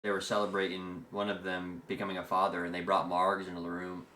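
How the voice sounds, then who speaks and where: A man's voice: sits low, monotone, quick pace, bright, forceful tone, a little hiss or hum. A young man chatting casually on a stream, joking and teasing. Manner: teasing, joking, says "sure" and "pal". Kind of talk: casual chat.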